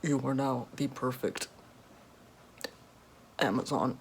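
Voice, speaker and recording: A woman's voice: slow pace, gravelly, a little hiss or hum, exaggerated voice. A woman doing a smug, menacing billionaire boss in whispered role-play. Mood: boastful. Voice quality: put-on deeper voice, soft and whispery. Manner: smug, mocking, carelessly menacing, comic. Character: greedy boastful billionaire boss man, cruel.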